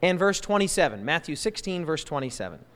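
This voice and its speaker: A man with a notably high voice leads a church Bible lesson, lively and quick to toss questions at the group. His voice rings out with a long reverb, as if filling a large hall. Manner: lively, quizzes the audience. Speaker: Bible study teacher.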